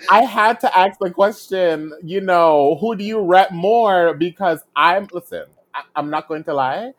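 A man co-hosting a casual podcast chat, talking with playful storytelling and drawn-out phrases. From Jamaican heritage. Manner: animated, playful storyteller, drawls and swings his pitch. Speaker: podcast co-host. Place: remote virtual studio.

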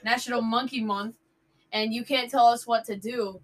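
A woman's voice: fairly high pitch, normal speed, poor audio. A woman telling her side of a story in a casual chat among friends, recounting events step by step. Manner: steady first-person retelling.

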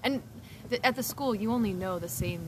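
A woman's voice: mid-range voice, fairly quick, very noisy. A woman director and producer, a guest in a casual chat, talking frankly and animatedly, laughing often and swearing freely.

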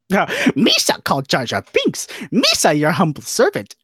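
A man's voice: high-pitched, huge pitch swings, measured pace, a bit bright, husky, no room sound, clean studio sound, full character voice. A man doing a silly impression of a goofy, clumsy male alien creature who speaks in broken grammar.

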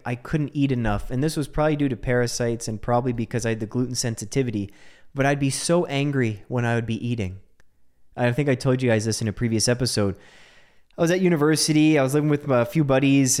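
A young man from Canada hosting a casual monologue, joking and swearing, who jumps from hushed asides to high, incredulous outbursts. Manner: profane, joking.

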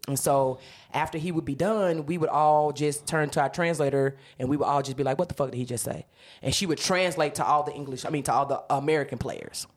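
A woman comedian telling a story in casual chat, animated, laughing and swearing freely. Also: deep voice, brisk. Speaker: comedian guest.

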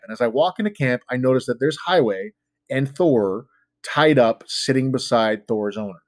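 With lively intonation and a medium pitch, a man shares a spooky story as a guest at normal speed, no echo audible. It's casual and meandering, heavy on "like" and other fillers, and he jokes about himself from time to time.

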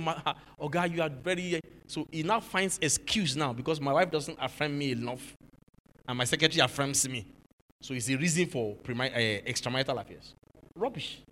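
A pastor preaching a sermon, moving from low, musing talk to shouted rebuke. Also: male voice, long reverb tail.

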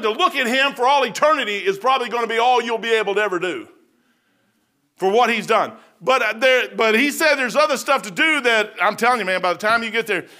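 A man preaching a sermon in a folksy, conversational way, swinging between loud outbursts and hushed asides. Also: sits high.

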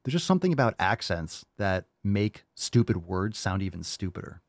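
A man's voice: low voice, sing-song, normal speed, vocal fry, dry recording, clean studio sound. A man hosting a livestream show, reacting to clips in a blunt, mocking, sarcastic way. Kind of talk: casual reaction commentary.

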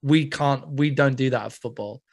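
Young british dude on a podcast, chatty, swears a lot, laughs easy. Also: male voice, mid-range voice, normal speed. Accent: British English. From England. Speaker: podcast host. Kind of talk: casual chat.

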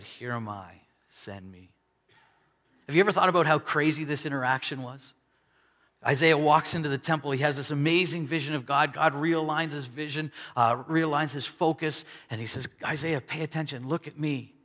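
A man preaching a sermon, conversational and animated, voicing the people in his story. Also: on the high side, normal speed. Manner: conversational preaching with dramatic quoted dialogue. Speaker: pastor. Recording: long hall reverb.

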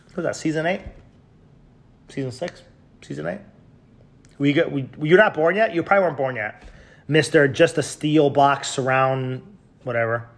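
A man hosting a podcast, reading out tweets with sarcastic, mocking commentary and sudden loud yells. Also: on the high side. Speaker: podcast host.

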